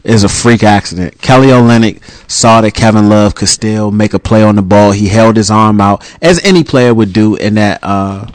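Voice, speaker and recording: A man co-hosting a casual sports talk show, measured and calmly explaining plays. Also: fairly low pitch, dry recording.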